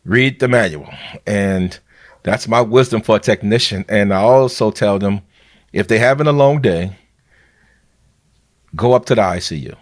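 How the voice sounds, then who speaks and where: Lower-voiced guy on a podcast, sincere and heartfelt, laughs easily. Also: normal speed, pauses often. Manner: earnest, heartfelt advice with laughs. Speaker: biomed manager and podcast host. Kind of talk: casual podcast chat.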